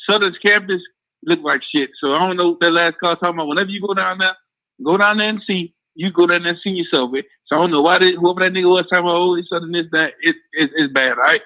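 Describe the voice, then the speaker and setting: A man's voice: high voice, fast talker. A man calling into a talk show, blunt and rambling, repeating himself. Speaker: caller. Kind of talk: casual call-in talk. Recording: dull lo-fi phone line.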